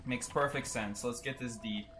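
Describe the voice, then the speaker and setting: A man's voice: mid-range voice, steady tone, moderate pace, sharp tone, soft background music. A young man chatting casually and joking while streaming a game and reading chat aloud. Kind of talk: casual gaming stream commentary.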